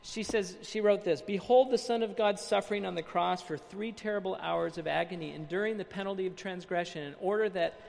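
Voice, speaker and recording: A man preaching a sermon, reading quotes aloud, then explaining them with dramatic pauses and hushed emphasis. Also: high voice, vocal fry, big-room sound.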